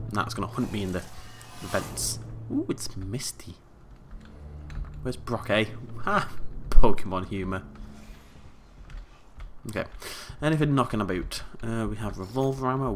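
Playful man, bright voice. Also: lowish voice, slight background noise. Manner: playful, jokey, hums tunes and makes silly sound effects. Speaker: let's play host. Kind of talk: gameplay commentary.

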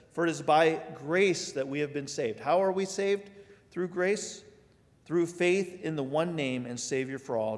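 A pastor with a slightly high voice delivers a sermon in a church sanctuary, where the hall's echo rings around him. His preaching feels conversational, sprinkled with rhetorical questions.

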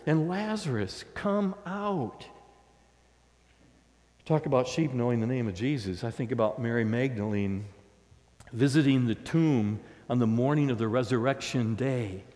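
A man's voice: medium pitch, normal speed, darkish tone, big-room sound. A man preaching a sermon as pastor, in a conversational, storytelling way. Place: church sanctuary.

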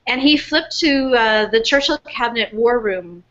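Earnest, higher-voiced woman author. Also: moderate pace, lo-fi sound. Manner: earnest, animated, with many fillers and restarts. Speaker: author being interviewed. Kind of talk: casual storytelling interview. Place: home in New York, remote webcast.

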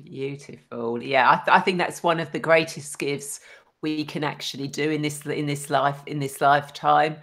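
Low-voiced woman podcast host. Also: steady tone, normal speed. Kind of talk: casual conversational interview.

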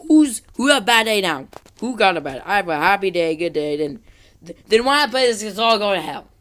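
A woman ranting through gameplay commentary, exasperated and rambling, repeating taunting questions with many halting restarts. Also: mid-range voice, big pitch swings, fairly bright tone. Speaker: gaming channel host.

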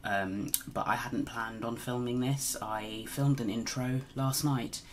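A beauty vlogger with a groggy early-morning voice chats about makeup. The talk is rambling and apologetic, with a middle pitch and a little faint noise behind. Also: steady tone, takes it slowly. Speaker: beauty channel host. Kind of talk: casual makeup vlog chat.

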